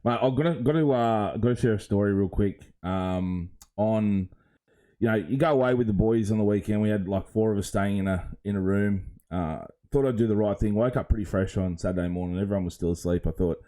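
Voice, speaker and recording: An Australian man co-hosting a casual podcast, telling a rambling story with lively quoted voices and chuckles. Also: lowish voice, fairly quick. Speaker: podcast co-host. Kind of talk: casual chat.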